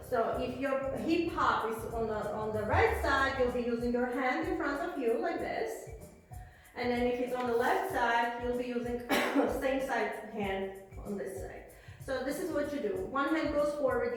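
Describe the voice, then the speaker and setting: A woman teaching a beginner belly dance class, explaining moves and counting steps aloud as she demonstrates. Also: sits high. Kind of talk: online dance lesson, counting beats. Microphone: phone camera at a distance. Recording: very echoey room, voice from far off, faint music.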